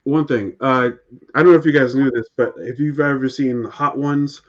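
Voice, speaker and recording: A man co-hosting a casual podcast, telling anecdotes in an animated way and laughing often. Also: medium pitch, moderate pace, muffled recording. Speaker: podcast co-host. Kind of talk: casual chat.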